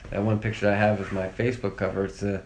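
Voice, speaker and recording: Speaking fast in a flat, lowish voice, the victim's brother reminisces about his family as an interview guest. The recollection is casual, emotional and rambling, packed with fillers and restarts, with slight background noise.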